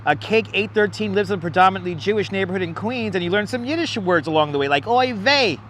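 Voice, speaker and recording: A man's voice: high-pitched, expressive, quick pace, fairly bright tone. A man livestreaming as he walks the streets outdoors, chatting and joking with viewers on a clip-on mic. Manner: chatty, thanks viewers, jokey asides. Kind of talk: casual live vlog chat. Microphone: wireless clip-on mic. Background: traffic and city ambience.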